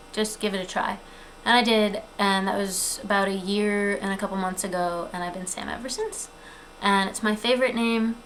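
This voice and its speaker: A woman in her twenties talking in a casual, earnest personal vlog, chatty, with frequent ums and quick asides. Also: mid-range voice, a bit bright, rough recording. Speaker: vlogger. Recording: 2008 webcam video, faint room noise.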